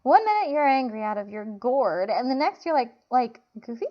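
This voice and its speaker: A woman's voice: a little high, big pitch swings, moderate pace. A woman voicing a blunt, bossy floating girl spirit in a story reading, on a dull lo-fi recording. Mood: scornful.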